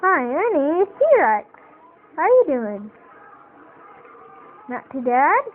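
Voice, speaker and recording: A woman voicing a goofy, grumpy male T-Rex puppet, speaking slowly and loudly. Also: high voice, big pitch swings, exaggerated voice. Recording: tinny phone-like audio, faint noise.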